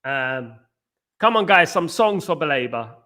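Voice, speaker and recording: A man's voice: a little high, very animated, measured pace, sharp tone. A man hosting a live football watchalong stream. He chats casually with viewers and keeps singing playful chant parodies.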